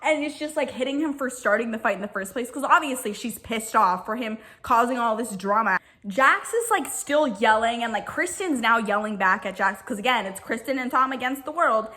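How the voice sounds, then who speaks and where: A woman's voice: a little high, expressive, bright, forceful tone. A woman vlogger retelling reality TV drama in a casual, gossipy way, full of "like" and quoted voices. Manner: chatty, gossipy, lots of "like", quick quoted voices. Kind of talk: casual recap storytelling.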